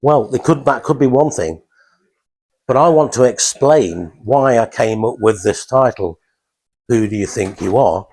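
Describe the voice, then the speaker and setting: Guy in his fifties, slow halting talk to a small group in a cozy lounge. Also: mid-range voice, animated, darkish tone. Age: 50s. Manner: halting, many restarts and fillers. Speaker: speaker giving his first talk. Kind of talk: informal talk to a small audience.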